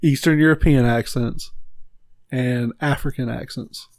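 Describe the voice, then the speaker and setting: A man's voice: mid-range voice, steady tone, a little slow, no room sound. A man co-hosting a podcast, rambling bluntly with frequent swearing in casual chat. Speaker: podcast co-host.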